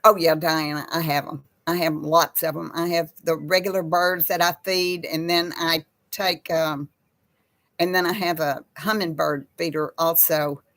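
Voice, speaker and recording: Slow gravelly woman chatting. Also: low-pitched, little pitch movement, a bit bright. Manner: slow folksy talk, baby voice to her pets. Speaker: host of a live chat with viewers. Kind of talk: casual live-stream chat reading viewer comments.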